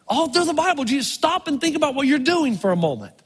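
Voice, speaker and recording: A middle-aged man preaching a storytelling sermon as a pastor, animated, dropping to a hush and then rising loud for emphasis. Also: extremely high pitch, fast. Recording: long reverb in a large hall.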